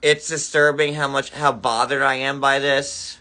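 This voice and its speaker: A man's voice: mid-range voice, flat delivery, moderate pace, bright, forceful tone. An angry man ranting on a phone livestream, swearing heavily and stammering through restarts. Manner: furious, profane, stammering restarts.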